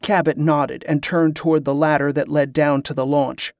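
A man reading a novel aloud as narrator, in an even, measured way. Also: a little high, dry recording, studio quality. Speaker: audiobook narrator. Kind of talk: scripted narration.

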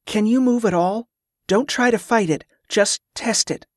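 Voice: mid-range voice, a little slow, no echo, voice pushed up, natural voice. An audiobook narrator voicing a tired young elf mage woman who speaks earnestly, read dry and close. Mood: weary.

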